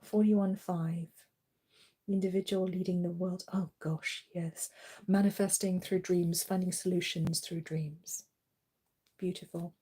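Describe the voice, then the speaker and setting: A woman reading tarot cards on a livestream, soft-spoken and giggly, her voice worn as she loses it. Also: lowish voice, little pitch movement, unhurried, slightly rough. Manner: soft-spoken, giggly, often drops to a murmur. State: losing her voice. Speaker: tarot reader.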